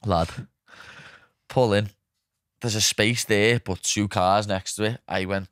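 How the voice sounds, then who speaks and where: A young man with a Liverpool accent spins animated stories in a casual podcast chat, slipping into the voices of the people he quotes. His voice sits fairly low, and the sound is dry and close. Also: slow pace, pauses often, dry recording. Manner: animated anecdotes, swears freely, acts out quotes. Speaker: podcast host.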